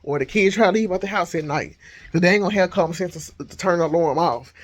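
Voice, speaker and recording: A man vlogging casually from his home kitchen on a handheld phone, thinking out loud as he cooks. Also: sits high, fast. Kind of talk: casual chat while cooking.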